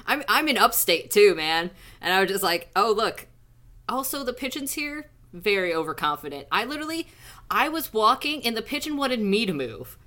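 Woman guest, podcast chat, rambling and sweary, mid pitch. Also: big pitch swings, normal speed, sharp tone. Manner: chatty, swearing, lots of fillers. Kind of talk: casual podcast banter.

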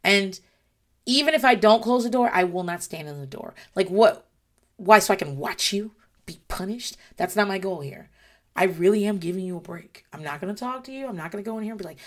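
Blunt, swearing mom with a tired voice. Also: female voice, mid-range voice, animated, fairly quick. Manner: blunt, frank, swears freely. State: voice wearing out. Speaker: parent giving advice. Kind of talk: casual chat.

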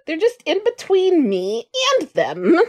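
A woman's voice: high voice, wildly swooping pitch, slow pace. A woman running a tabletop game as game master, narrating with a playful manner.

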